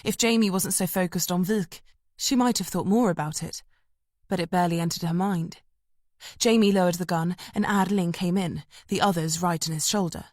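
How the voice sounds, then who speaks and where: A woman audiobook narrator reading a thriller in a measured, tense storytelling manner. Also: fairly low pitch, a little mellow, no room sound, studio quality. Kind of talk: scripted narration.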